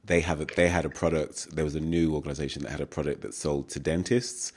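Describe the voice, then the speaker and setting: A man with a very deep, low voice hosting a podcast interview. He speaks in a measured way and pauses now and then to find his words. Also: steady tone. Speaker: podcast host.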